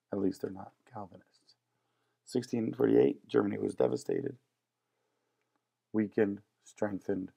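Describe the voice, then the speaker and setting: A man's voice: deep voice, vocal fry, dark tone, husky. A man teaching a history lesson in a casual, joking lecture style. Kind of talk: classroom lecture.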